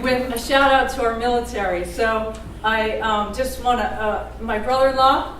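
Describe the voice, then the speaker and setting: A woman's voice: a little high, steady tone, moderate pace, slight background noise. Middle-aged woman toasting in an echoey crowded hall. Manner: warm, laughing, storytelling. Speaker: mother of the groom giving a toast. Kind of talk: personal toast speech. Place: large banquet room. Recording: echoey hall, far mic, loud crowd.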